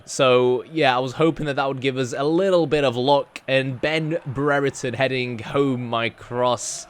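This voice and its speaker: A man's voice: medium pitch, fairly even intonation, unhurried, smooth. A young man talks through his football game in a loose, chatty way. He rambles, fills gaps with ums and ahs, and pokes fun at himself. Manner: chatty, self-deprecating, rambling with fillers. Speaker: gaming YouTuber. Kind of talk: casual gameplay commentary.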